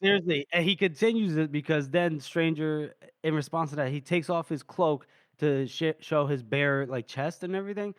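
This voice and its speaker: A man with a fairly high voice recaps a book for his co-hosts, acting out the lines in an animated way and laughing often. The sound is dry and close. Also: moderate pace, smooth, dry recording. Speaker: podcast co-host. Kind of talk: casual chat recapping a book.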